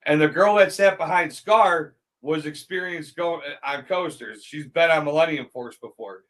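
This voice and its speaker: A man's voice: fairly high pitch, normal speed, low-quality recording. A middle-aged man in casual chat, telling stories with swearing and frequent laughter. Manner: animated storyteller, swears, laughs often.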